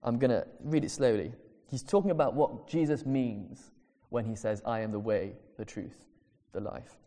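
A man preaching in an earnest, emphatic way, drawing out the phrases he wants to land. His voice is dark and mellow, and long reverb from a large church hall rings behind every line. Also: medium pitch, normal speed. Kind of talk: sermon.

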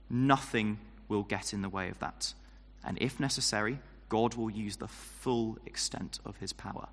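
A man's voice: mid-range voice, fairly bright tone. A man preaches on a psalm in a loose, chatty way, full of fillers and small hedges. He drops into mocking, singsong voices to act out the verses. His voice rings with a long hall reverb. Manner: conversational, many fillers, lapses into mock-taunting quoted voices. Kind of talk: sermon on a psalm.

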